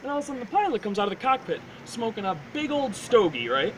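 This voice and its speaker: Man, casual joke teller with a lively voice that swoops into high character voices, recorded outdoors with loud street traffic. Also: quick pace. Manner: animated storyteller, jumps into high character voices.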